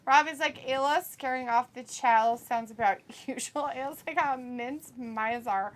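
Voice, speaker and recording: A woman's voice: high voice, unhurried. A woman co-hosting a live watch-along, casually reading viewer comments aloud, laughing often and swearing freely. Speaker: co-host of a wrestling watch-along.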